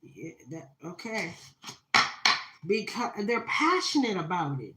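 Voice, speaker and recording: A woman reads tarot cards live, talking dramatically to her viewers. Her voice is bright and her speech is full of fillers. She is recorded on a phone in an echoey room. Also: on the low side, very animated, slow, long pauses, a little hiss or hum. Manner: dramatic, spiritual, talks to viewers, many fillers. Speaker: tarot reader. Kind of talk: live-stream tarot reading.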